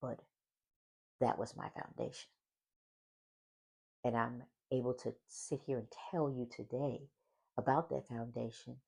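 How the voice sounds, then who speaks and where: A man's voice: mid-range voice, level tone, a little slow, gravelly, pauses often, a little mellow, slightly rough. A man hosting a solo faith-based podcast, talking with a smile in his voice and repeating affirming phrases. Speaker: podcast host.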